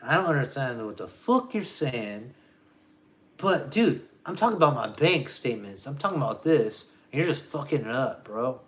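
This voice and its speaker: A man ranting to camera as a vlogger, profane and emphatic, swinging between loud jabs and low mutters. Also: very animated, normal speed.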